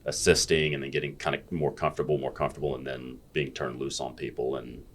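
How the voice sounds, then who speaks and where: A man's voice: very deep voice, little pitch movement, quick pace, breathy edge. An American man telling stories as a guest in a casual podcast chat, blunt and freely swearing. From United States. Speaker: guest, fitness educator.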